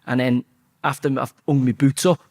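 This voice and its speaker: A man's voice: mid-range voice, normal speed. A man in his forties with a Scouse accent, a former footballer telling stories as an interview guest, swearing freely and acting out quotes. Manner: swears freely, lively anecdotes with acted-out quotes. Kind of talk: casual storytelling interview.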